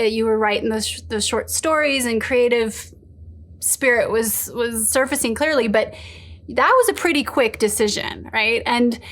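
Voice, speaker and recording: Woman, podcast host, affirming interviewer, slightly high voice. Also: a bit bright. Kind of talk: interview conversation.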